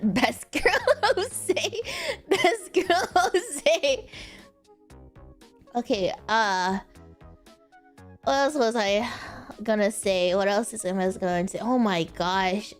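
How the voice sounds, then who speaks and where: A young woman streaming casual chat, giggling often and breaking into high laughter. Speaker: VTuber streamer.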